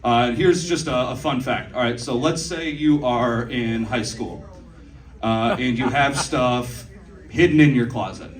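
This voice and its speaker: A man's voice: mid-range voice, measured pace. Young man, stand-up comedian, loose profane storytelling, roomy club sound, heard from a distance, faint laughter behind. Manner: loose, conversational, profane storytelling with asides to the crowd. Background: audience laughter.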